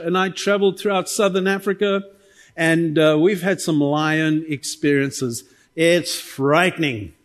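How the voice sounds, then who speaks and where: High-voiced preaching man. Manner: lively, calls on the congregation for amens. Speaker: pastor. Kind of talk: sermon.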